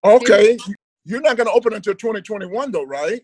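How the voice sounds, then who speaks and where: An older male comedian chatting on a video call, ranting with animated, profane energy while holding his phone. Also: high voice, fairly quick, no room sound. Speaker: comedian guest. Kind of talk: casual video call chat. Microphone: handheld phone on video call.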